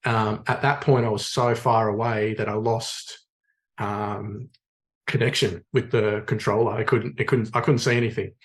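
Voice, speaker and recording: An Australian man, a podcast guest, telling a story in a relaxed, rambling way with plenty of fillers. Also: on the low side, moderate pace. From Sydney, Australia. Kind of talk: casual storytelling in conversation.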